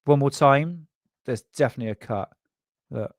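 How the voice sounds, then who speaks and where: A man's voice: mid-range voice, moderate pace, no room sound, studio quality. A man from England hosting a live show, chatting loosely with viewers and reacting to clips. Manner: rambling, laughing, talking to chat. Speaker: host of a live UFO show. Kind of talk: casual live-stream chat.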